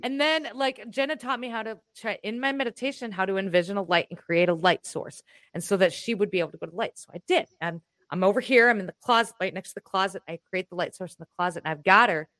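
A woman chatting casually as a co-host at home, telling a personal story in an animated, rambling way with restarts and the odd swear word. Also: medium pitch, fast talker, no room sound. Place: room in her home.

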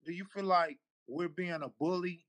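A man's voice: high voice, steady tone, moderate pace, a bit bright, dry recording, poor audio. Direct male interviewer, dry sound. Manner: probing, direct. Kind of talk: interview questions.

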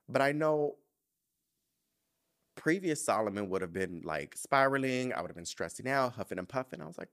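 Animated, expressive young man chatting candidly. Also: moderate pace. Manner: candid, emotional, swears freely, animated pitch swings. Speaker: podcast host. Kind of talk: casual confessional chat.

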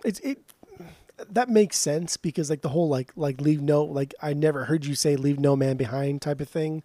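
Chatty, profane man with a higher voice. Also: normal speed, mellow, no room sound. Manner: loose, profane storytelling with many restarts. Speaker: podcast co-host. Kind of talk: casual chat.

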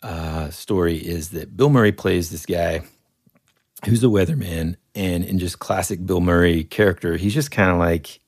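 A podcast co-host chats casually and laid-back about movies in a low, slightly mellow voice at normal speed. The sound is clean studio audio with no echo.

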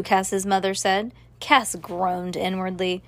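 A woman's voice: mid-range voice, flat delivery, slow pace, hardly any pauses, a bit bright. A woman reading a children's novel aloud, with casual asides between passages. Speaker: reader.

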